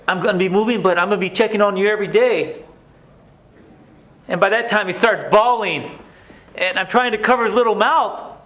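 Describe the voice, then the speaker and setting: An actor playing a haunted male inmate reliving his painful youth, telling it in a halting, emotional theatrical monologue with stammered restarts. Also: sits high, fairly bright tone. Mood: anxious.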